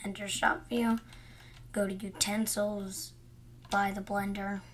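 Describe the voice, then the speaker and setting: A woman's voice: mid-range voice, little pitch movement, slow, slight background noise. A young woman narrating a cooking game as she plays, muttering her actions to herself and chatting to viewers now and then. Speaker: gamer. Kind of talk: gameplay commentary.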